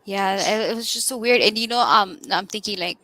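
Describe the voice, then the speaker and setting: Woman, bright, sharp tone, chatty guest telling a story in a relaxed way. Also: medium pitch, brisk, a little hiss or hum, poor audio. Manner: animated storyteller, fillers like "right?" and "like". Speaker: guest co-host. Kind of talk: casual storytelling chat.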